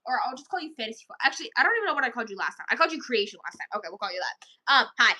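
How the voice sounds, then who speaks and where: Bright-voiced woman chatting on a livestream. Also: sits high, big pitch swings, very fast. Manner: rambling, chatty, tired, sighing. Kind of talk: casual livestream chat.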